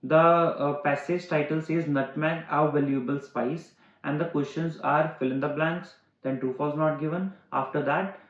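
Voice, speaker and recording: A male English-exam tutor explaining answers step by step, often pausing on "uh" and restating terms in simpler words. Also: a little high, fairly even intonation, reverberant, lo-fi sound. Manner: frequent "uh" fillers. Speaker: IELTS teacher. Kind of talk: online exam-prep lesson.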